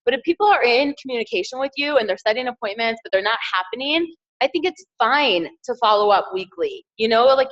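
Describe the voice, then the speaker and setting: Woman trainer pepping up her team, kinda high voice, muffled lo-fi sound, repeats stuff to drive it home. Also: a bit bright. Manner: upbeat, encouraging, repeats key phrases. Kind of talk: motivational training talk.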